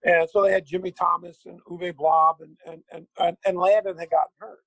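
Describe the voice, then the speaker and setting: A middle-aged man, a former basketball player, telling a long anecdote with lively acted-out quotes. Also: high-pitched, fairly quick, dry recording, poor audio. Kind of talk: animated storytelling.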